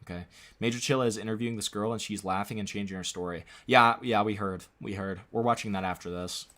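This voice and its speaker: A man's voice: lowish voice, fairly even intonation, fast, bright, forceful tone. A young man streaming live, reacting to a clip with incredulous, swearing commentary that repeats itself.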